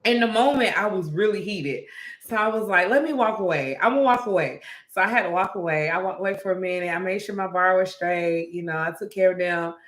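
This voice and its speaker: Young woman storyteller, casual, animated quotes, roomy echo. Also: lowish voice, fairly quick. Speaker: restaurant manager and podcast co-host. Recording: echoey room.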